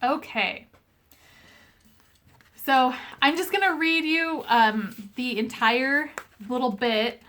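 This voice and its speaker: A woman's voice: on the high side, a bit bright. A young woman reviewing an oracle card deck, reading from its booklet and chatting earnestly with many fillers, coughing as she gets over being sick. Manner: chatty and earnest, many "um"s, says sorry often. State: recovering from illness, coughing. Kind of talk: casual deck review with read-aloud passages.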